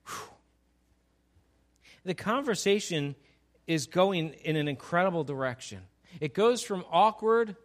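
A man preaching a sermon in a lively, conversational way, often asking his listeners rhetorical questions. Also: high-pitched, slow pace, pauses often. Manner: conversational, animated, asks the audience rhetorical questions. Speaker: pastor.

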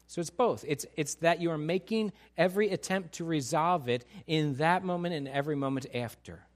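A male pastor delivers a sermon to his congregation. His voice sits high, and he talks animatedly, putting on the voices of the people he describes. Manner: animated, acts out quoted voices. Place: church sanctuary.

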